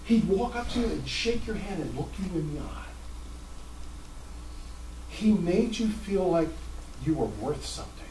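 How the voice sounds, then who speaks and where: A middle-aged man preaches a sermon, his fairly high voice leaping up with emphasis as he tells stories. The sound is echoey, as if recorded in a church hall. The mic sits well away from him, with faint noise behind. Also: unhurried, pauses often. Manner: animated, emphatic storytelling with sudden pitch jumps. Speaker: pastor. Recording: roomy sound from a distant mic.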